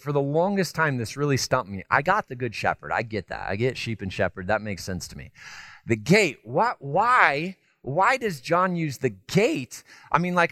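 A man preaching a sermon. He tells stories in a lively, conversational way, with self-deprecating asides, and moves from loud emphasis to hushed tenderness. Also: mid-range voice, no echo. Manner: animated storytelling, swinging between loud emphasis and hushed tenderness. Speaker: pastor.

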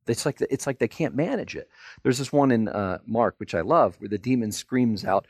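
A man preaching a sermon, telling the story in an animated way and acting out the people in it. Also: medium pitch, a little slow, long pauses, husky, no echo, studio quality. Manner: animated storytelling, acts out voices. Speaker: pastor.

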